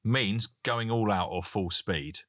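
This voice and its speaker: British man, very deep voice, bright tone, joking podcast co-host. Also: takes it slowly, no echo, clean studio sound. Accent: British English. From Britain. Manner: jokey, reads listener messages aloud. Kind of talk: casual podcast chat. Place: Canada.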